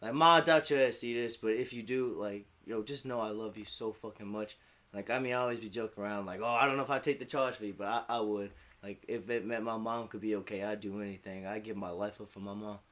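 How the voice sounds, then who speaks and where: A man's voice: fairly low pitch, fairly even intonation, fairly quick, a bit bright. A young man in casual chat as a streamer, rambling, heartfelt and profane. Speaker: hip-hop commentary streamer.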